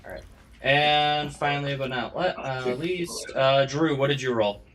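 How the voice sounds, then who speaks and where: A man's voice: medium pitch, steady tone, a little slow, a bit bright. A young man running a tabletop game as game master, often stumbling and repeating words as he starts his sentences.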